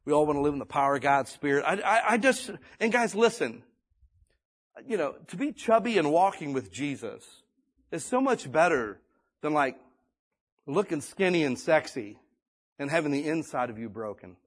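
A man's voice: fairly high pitch, sing-song, normal speed. A male pastor preaching a conversational sermon, reading scripture and building to emphatic exhortation.

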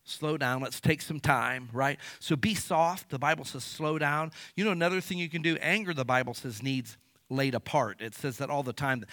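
A middle-aged male pastor gives an animated sermon in a voice on the high side, with no echo. He uses rhetorical questions and acted-out asides.

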